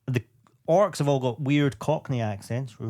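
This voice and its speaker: A man's voice: mid-range voice, a little slow. A man, a comedian guest, chatting casually on a podcast, jokey and sweary. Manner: sweary, jokey, animated storytelling.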